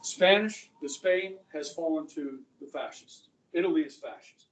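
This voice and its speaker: A man's voice: a little high, moderate pace, distant mic, a little hiss or hum. A male history teacher lecturing a class in a casual, conversational way, often checking in with "okay" and "guys". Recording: echoey classroom, voice from afar.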